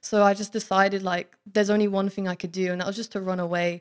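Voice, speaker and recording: A woman's voice: mid-range voice, flat delivery, quick pace, smooth. A young woman giving a candid, earnest personal faith testimony in church, talking casually with many "like"s. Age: young adult. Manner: candid, earnest, heavy use of "like". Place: student living in Oxford.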